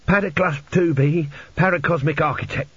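A man's voice: fairly high pitch, moderate pace, fairly bright tone, husky, dry recording, voice pushed up. A man voicing an anxious, polite young engineer who talks earnestly and hesitantly, in a lo-fi audiobook recording.

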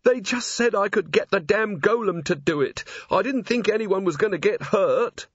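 A man putting on a whiny, wheedling, dim-witted crook, pitched well up, with a pleading edge on every word. A husky grain runs under it, and the recording sounds dry and a little muffled. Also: animated, normal speed, no echo. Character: nervous wheedling man, blunt-witted candle maker.

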